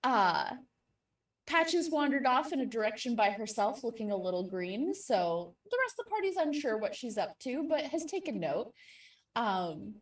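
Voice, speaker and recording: A woman's voice: fairly high pitch, very animated. A woman narrating a tabletop game as game master, speaking casually with frequent fillers and laughs. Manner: slow, laughing, with many fillers. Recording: roomy, distant mic.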